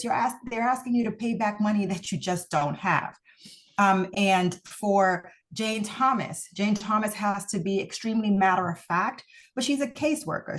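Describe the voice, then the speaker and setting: Woman coach talking to her mock trial class, kinda low voice, leans on key words. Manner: encouraging, deliberate, stresses key words. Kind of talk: recorded lesson to students.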